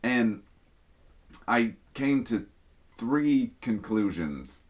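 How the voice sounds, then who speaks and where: Speaking extremely slowly in a medium-pitched voice, a young man hosting a podcast relates a story from work. He's animated and profane, swearing freely throughout.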